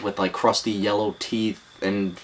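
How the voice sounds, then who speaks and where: A man's voice: fairly low pitch, level tone, unhurried, slight background noise. Blunt, profane male podcast host. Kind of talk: casual podcast chat.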